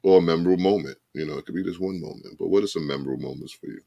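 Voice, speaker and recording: Man, extremely low voice, dry close sound, reflective podcast co-host, repeats himself. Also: rapid-fire, vocal fry, warm tone, no echo, muffled recording. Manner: reflective, somber, repeats phrases. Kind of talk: casual podcast chat.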